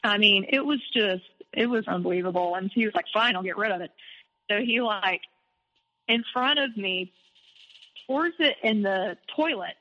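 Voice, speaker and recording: A woman's voice: medium pitch, normal speed, pushed and bright, in a large hall, highs cut off. A woman guest on a podcast, telling a personal story candidly and animatedly, with frequent filler words.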